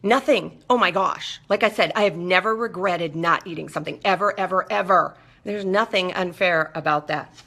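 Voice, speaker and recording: A woman hosting a live show, speaking emphatically in a bright, forward tone. Her voice sits a little low, with plenty of gravelly fry. She keeps checking in with her listeners as she talks. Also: normal speed, few pauses. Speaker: host. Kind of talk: casual live monologue.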